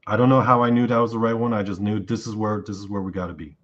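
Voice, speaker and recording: Male interview guest, lower voice, casual animated storyteller, muffled lo-fi audio. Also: very fast. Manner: animated retelling of a dream, acting out his own lines.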